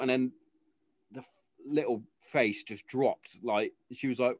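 A man's voice: mid-range voice, steady tone, unhurried, no echo. Young british guy swearing his way through a story, dead dry room. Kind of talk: casual chat.

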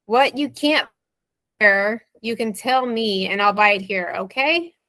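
A woman's voice: medium pitch, animated, measured pace, bright, forceful tone, dry recording. A woman in her thirties, a guest recounting a bad experience, quoting messages back and forth with a wry, exasperated manner. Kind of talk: interview storytelling.

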